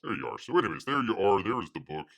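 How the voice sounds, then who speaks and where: A man's voice: low voice, very animated, rapid-fire, a bit bright. A man hosting a casual livestream, rambling with many fillers and calling himself by his nickname. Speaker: livestream host.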